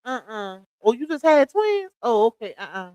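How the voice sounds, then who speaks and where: A middle-aged woman hosts a casual gossip livestream, reading viewer comments aloud and answering with sassy slang and frequent laughter. Her voice is warm, on the high side, and very animated at a normal speed. The recording is dry and low-quality.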